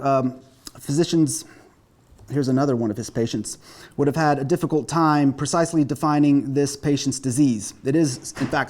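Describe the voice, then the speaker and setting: Male lecturer, mellow timbre, measured delivery, lots of "uh"s. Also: medium pitch. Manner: measured, self-deprecating, frequent "uh" fillers. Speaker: lecturer, pathologist. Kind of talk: academic lecture.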